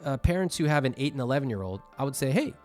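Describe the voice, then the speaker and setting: Male finance host, mid pitch, blunt and lively, faint music underneath. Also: rapid-fire. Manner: blunt, animated, mock-exasperated asides. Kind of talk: reviewing viewer budgets on camera.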